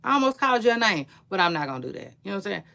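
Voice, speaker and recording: Bright-voiced chatty woman gossip commentator. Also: medium pitch, very animated, very fast, vocal fry. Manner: chatty, slangy, rambling with frequent asides. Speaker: celebrity news commentator. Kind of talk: casual celebrity gossip commentary.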